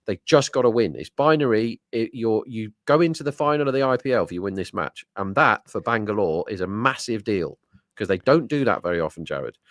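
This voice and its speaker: A man's voice: fairly low pitch, animated, a little fast, fairly bright tone, dry recording, clean studio sound. A man co-hosting a live sports watch-along, chatting through betting lines and the match action. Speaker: co-host and betting tipster.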